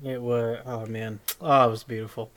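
A man's voice: medium pitch, flat delivery, moderate pace, fairly bright tone. Enthusiastic man rambling in casual chat. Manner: rambling, full of fillers and restarts, enthusiastic. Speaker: podcast co-host.

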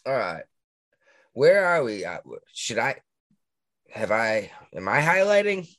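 Animated Massachusetts man co-hosting. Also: slow pace, no room sound, studio quality. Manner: animated, swings to high pitch when worked up. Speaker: podcast co-host. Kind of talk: casual chat.

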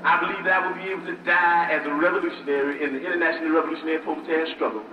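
A man's voice: a little high, fairly even intonation, rapid-fire, distant mic, highs cut off, background noise. Young man giving a fiery, echoing speech. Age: young adult. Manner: forceful call-and-response oratory. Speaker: political speaker. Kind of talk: rousing public speech. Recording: echoey archive speech recording with music.

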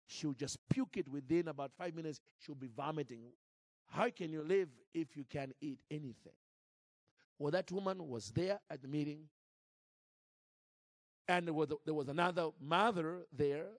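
A man preaching and telling a story in an animated way, with frequent restarts and repeated words. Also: on the high side, no echo. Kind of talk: sermon storytelling.

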